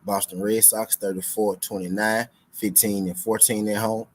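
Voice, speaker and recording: Man, young, low voice, slangy betting-show host, repeats himself, laid-back streaming chat. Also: flat delivery, moderate pace, poor audio. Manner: loose, slangy, repeats lines for emphasis. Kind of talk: casual live-stream chat.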